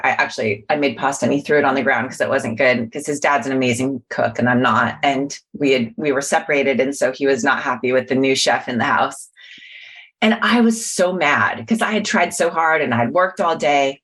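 Woman, middle-aged, low voice, husky, earnest, explanatory, casual conversation. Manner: earnest, explanatory, warm-hearted teaching tone. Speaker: guest, mindfulness teacher.

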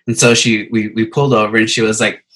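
A young man with a bright, forceful and somewhat low voice tells a personal story in a relaxed podcast chat. He rambles and fills his talk with filler words. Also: quick pace, poor audio. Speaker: podcast guest telling a story.

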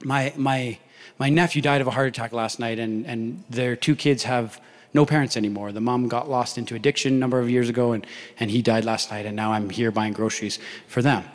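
A man's voice: mid-range voice, brisk. A young man preaching a sermon, animatedly acting out the voices in his story. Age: young adult. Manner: animated, acts out dialogue in story. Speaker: pastor. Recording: long hall reverb.

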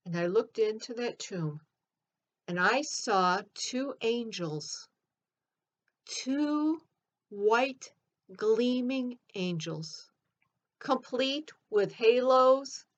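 A woman playing Mary Magdalene, telling her own story in an earnest, expressive first-person monologue. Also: fairly high pitch, drawn-out words, pauses often, lo-fi sound.

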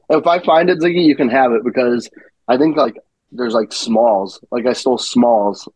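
A man guest on a podcast, telling animated stories and acting out what people said. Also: mid-range voice, measured pace, husky, dry recording, poor audio. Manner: animated anecdote teller who acts out quotes and derails. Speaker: guest wrestler. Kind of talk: casual podcast chat.

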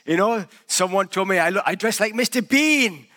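A man's voice: sits high, animated, normal speed, pushed and bright. A British man preaching a conversational sermon as pastor, with chatty, joking asides to the congregation. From Britain. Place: church sanctuary. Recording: long reverb of a large church hall.

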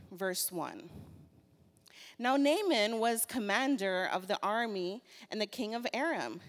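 A woman preacher giving a sermon and reading scripture aloud, slow and deliberate, turning animated as she retells the story. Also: on the high side. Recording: long reverb of a large hall.

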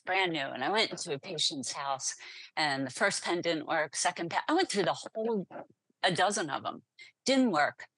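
Low, husky woman telling her story. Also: no echo. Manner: animated, laughs often, acts out voices in anecdotes. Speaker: podcast guest. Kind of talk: storytelling in an interview.

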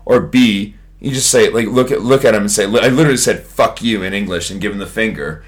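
A man's voice: fairly low pitch, fast talker. Profane storytelling podcast man. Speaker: podcast co-host; English teacher in Japan. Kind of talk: casual chat.

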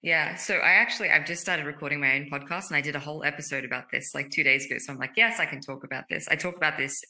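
This woman talks in a very low register, yet her tone is bright and forceful. She speaks earnestly and candidly as a guest in a casual conversation, quick and emphatic.

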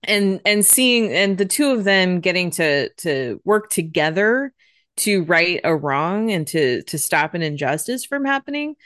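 A woman in a casual film discussion, speaking in a thoughtful, halting way. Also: on the low side, expressive, a bit bright, dry recording, studio quality.

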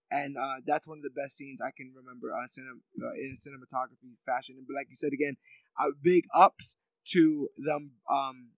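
A man's voice: on the high side, gravelly, dry recording, poor audio. A man in casual chat, rambling with many fillers and laughs as he talks through a favorite scene.

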